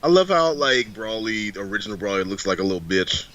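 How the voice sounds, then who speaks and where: A man's voice: on the low side, animated, a little fast, a bit bright. A man co-hosting a casual movie review, swearing heavily and emphatically. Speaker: co-host guest. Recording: dull lo-fi audio.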